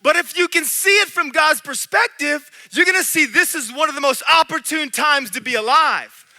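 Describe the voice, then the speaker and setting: A man preaching a sermon in a church, animated, swinging between loud and hushed. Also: extremely high pitch, normal speed. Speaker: pastor.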